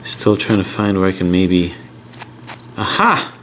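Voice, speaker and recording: Chatty American man, lowish voice. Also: flat delivery, normal speed, background noise. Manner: chatty, talks while handling puzzles. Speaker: puzzle channel host. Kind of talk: casual tutorial and unboxing.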